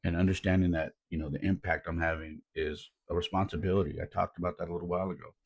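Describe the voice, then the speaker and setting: A man's voice: sits low, little pitch movement, fast, creaky, husky. A man who coaches youth baseball and hosts a podcast, telling stories in a laid-back, earnest way and often saying "man". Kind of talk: casual reflective storytelling.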